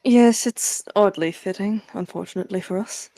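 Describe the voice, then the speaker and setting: A woman's voice: mid-range voice, moderate pace, mellow, no room sound. A woman playing in a tabletop game, talking in a dry, wary, proper way. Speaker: player. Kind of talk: in-character table talk.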